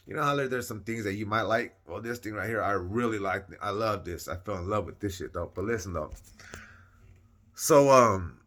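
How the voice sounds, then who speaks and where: A man's voice: on the low side, moderate pace. A man telling his own story in a casual, slangy, rambling way, acting out the dialogue as he goes. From Northern California. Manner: slangy, rambling, animated retelling with quoted dialogue.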